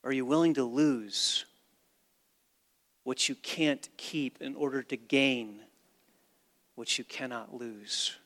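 A man preaching a sermon as pastor, with dramatic swings from hushed to loud and emphatic delivery. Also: mid-range voice, slow pace, pauses often. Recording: long reverb of a large hall.

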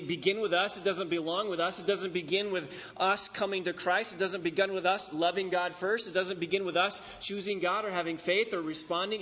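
Pastor, male, high-pitched, emphatic and deliberate; muffled sound with long hall reverb. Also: sharp tone. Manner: emphatic, repeats key phrases, slows on stressed words. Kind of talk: expository sermon. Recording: dull recording in a reverberant hall.

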